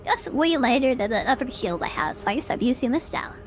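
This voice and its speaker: Woman streamer, high and bouncy pitch, casual play-by-play gaming chatter. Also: sing-song, brisk, background noise. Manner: chatty, filler-heavy, talks to chat.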